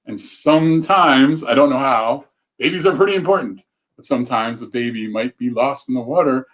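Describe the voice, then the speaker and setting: A man's voice: medium pitch, moderate pace. A man hosting a casual livestream talk, chatty and rambling, often breaking off mid-thought to read comments. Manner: rambling, self-interrupting, chatty. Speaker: show host.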